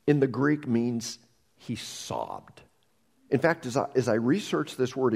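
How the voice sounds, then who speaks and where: A man preaching a sermon as pastor, moving between dramatic rises and hushed near-whispers, often repeating the first words of a phrase. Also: mid-range voice, gravelly, husky.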